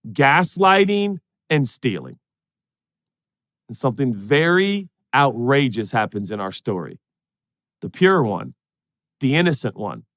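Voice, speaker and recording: A middle-aged man preaching a sermon as a pastor, swinging between loud emphasis and hushed, intimate asides. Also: mid-range voice.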